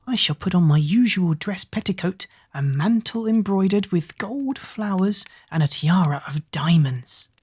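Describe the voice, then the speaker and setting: A woman voicing a vain, proud younger stepsister who speaks in a showy, drawn-out way. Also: on the low side, expressive, darkish tone, husky. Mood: boastful.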